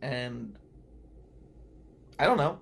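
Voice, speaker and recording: Man, radio talk regular, mid-pitched, very animated delivery. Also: very slow, creaky, husky. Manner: animated anecdotal storyteller, acts out quotes. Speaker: lawyer and show regular. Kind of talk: storytelling on a radio talk show.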